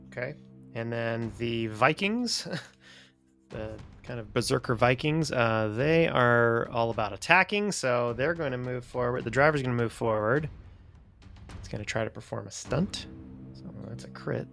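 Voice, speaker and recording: A man's voice: mid-range voice, gravelly, bright, forceful tone. A man running a tabletop game as dungeon master, narrating loosely with restarts and laughs.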